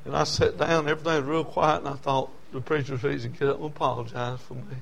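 A man's voice: fairly high pitch, flat delivery, quick pace, creaky, a little hiss or hum. A man preaching a sermon, telling personal stories in a folksy way and building to emotional peaks.

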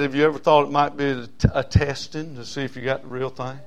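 A middle-aged man preaching a sermon. He calls out to his congregation for amens and swings between loud and soft delivery. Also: medium pitch, flat delivery, fast talker, hardly any pauses, smooth.

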